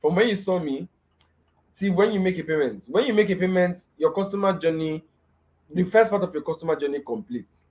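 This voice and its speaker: Nigerian guy on a webinar call, kinda high voice, keeps saying right? and repeats stuff to drive it home. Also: lively intonation, fairly quick, a little mellow. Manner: repeats key phrases for emphasis, asks "right?" often. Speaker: webinar speaker. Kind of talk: live webinar teaching.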